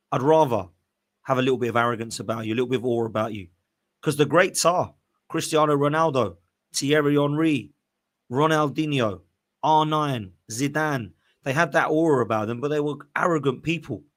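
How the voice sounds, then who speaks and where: A man hosting a casual live-stream podcast, opinionated and emphatic, ranting with rhetorical questions. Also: medium pitch. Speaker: podcast host.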